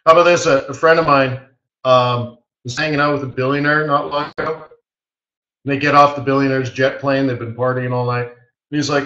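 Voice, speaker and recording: Animated man in echoey, muffled room audio. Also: mid-range voice, moderate pace, long pauses. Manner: animated anecdote teller who laughs often and acts out quoted voices. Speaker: market strategist hosting a trading webinar. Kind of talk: live webinar storytelling.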